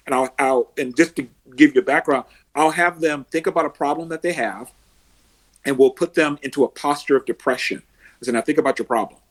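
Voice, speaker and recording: A man working as an emotional success coach, a podcast guest who tells animated stories and acts out the people he coaches. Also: mid-range voice, breathy edge. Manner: animated storyteller, acts out quotes and heroic laughs.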